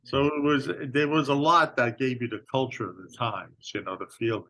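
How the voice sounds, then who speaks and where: A man's voice: mid-range voice, steady tone, normal speed, bright, forceful tone. An older man co-hosting a podcast, talking in a casual, hesitant way with many restarts. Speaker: podcast co-host. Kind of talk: casual chat.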